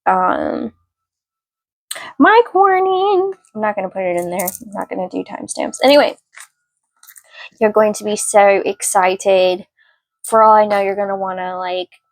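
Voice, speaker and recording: A woman's voice: mid-range voice, no echo, rough recording. A young woman giving a casual, rambling tarot reading with lots of fillers. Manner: rambling, chatty, many fillers; yells at barking dogs mid-reading. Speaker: tarot card reader.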